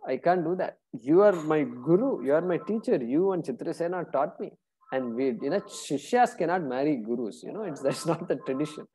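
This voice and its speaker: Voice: medium pitch, expressive, brisk, warm tone, a little hiss or hum, lightly acted, poor audio. A teacher voicing an earnest young warrior prince who politely and awkwardly turns down a proposal in a scripture story. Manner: flustered, respectful refusal.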